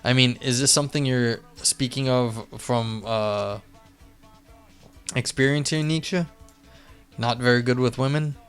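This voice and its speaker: A man's voice: mid-range voice, unhurried, a bit bright. A man streaming live, chatting casually and rambling with lots of fillers and restarts. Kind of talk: casual live-stream chat and reading aloud. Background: faint music.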